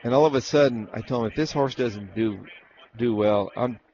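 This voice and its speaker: At medium pitch and normal speed, a man with a darkish tone speaks over dull audio. In this casual storytelling interview he rambles about his years as a racehorse trainer, performing other people's lines and often beginning his sentences again.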